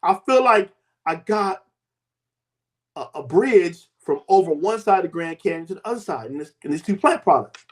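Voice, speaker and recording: Man in his fifties, high voice, animated storytelling host, emphatic swoops. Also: moderate pace. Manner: emphatic, with big swoops in pitch and loudness. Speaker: host and health coach.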